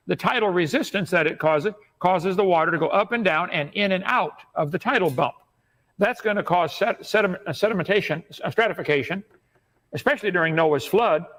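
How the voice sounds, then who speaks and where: A man making his case in a debate, steady and assertive as he lectures. His voice sits high for a man. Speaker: debate guest. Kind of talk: debate argument.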